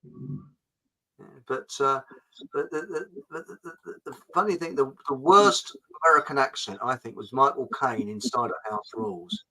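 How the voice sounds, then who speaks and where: Bright-voiced English man, chuckling host. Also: medium pitch, normal speed, low-quality recording. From England. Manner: chuckling, rambling storyteller with frequent restarts. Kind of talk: casual chat.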